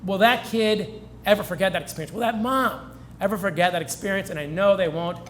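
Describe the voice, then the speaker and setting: A man with a high voice speaks to a crowd at a celebration and tells heartfelt stories in an earnest way. He sounds moved and chokes up now and then. A faint hum of the room sits under his words. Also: fairly quick, fairly bright tone. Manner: earnest storytelling, gets choked up. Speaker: featured speaker. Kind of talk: speech at a celebration. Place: event hall.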